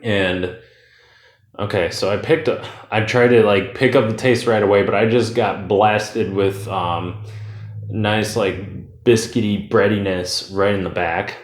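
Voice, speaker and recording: Chatty male beer reviewer, low voice. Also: fairly even intonation, measured pace, reverberant. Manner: loose and chatty, rambles off on tangents with fillers.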